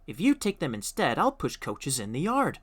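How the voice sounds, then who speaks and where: A man voicing a kind, gentle little male engine in a storybook audiobook. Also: fairly high pitch, wildly swooping pitch, normal speed, husky, full character voice. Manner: kindly, helpful.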